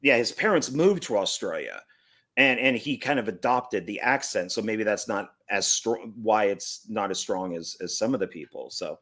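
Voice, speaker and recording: A man hosting a casual film review chat, explaining points in a measured way. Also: lowish voice, expressive, fairly bright tone. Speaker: podcast host.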